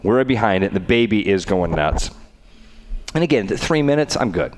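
A man's voice: fairly low pitch, moderate pace. A middle-aged man, telling a story in casual chat and acting out the people in it. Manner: animated storyteller, acts out quoted voices.

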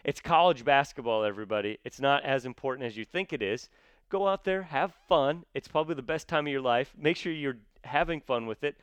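A man, talking as a podcast guest in a casual, animated way with many fillers. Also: mid-range voice, fairly quick, clear, resonant tone, dry recording, dull audio. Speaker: guest, theater actor and sports commentator.

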